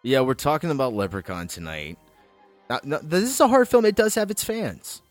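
A man's voice: fairly high pitch, sing-song, a little fast, no echo, faint music behind. Laid-back male podcast host. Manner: laid-back, chatty, many fillers. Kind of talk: casual chat.

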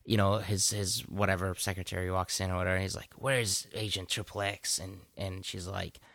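A man from Jordan co-hosting a podcast, telling film stories in a loose, profane, animated way and acting out the lines. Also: sits low, fast talker, vocal fry, dry recording. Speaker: podcast co-host. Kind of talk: casual chat.

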